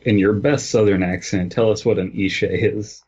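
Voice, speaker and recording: A man with a low, husky voice who talks slowly and giggles between lines. He is recorded on a dull, lo-fi mic. His delivery is loose and unhurried. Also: fairly even intonation, darkish tone. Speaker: podcast co-host. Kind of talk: casual podcast chat.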